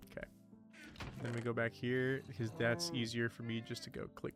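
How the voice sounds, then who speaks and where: A man with a bright, forward voice rambles casually through a let's-play, swearing now and then and chatting to the items he is sorting. Soft music plays faintly behind him. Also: medium pitch, little pitch movement, normal speed. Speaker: gaming streamer.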